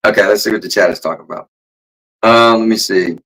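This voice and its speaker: A man's voice: fairly low pitch, expressive, normal speed, sharp tone, rough recording. A middle-aged American man hosting a casual livestream podcast, chatting and reading the chat aloud. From USA. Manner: easygoing, reads chat aloud. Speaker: podcast host.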